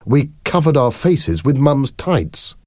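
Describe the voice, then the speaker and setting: A man's voice: medium pitch, sing-song, slow pace, darkish tone, no echo, studio quality, pitched above the performer's own voice. A man voicing a cheeky young boy in a storybook reading, with an eager, raised voice.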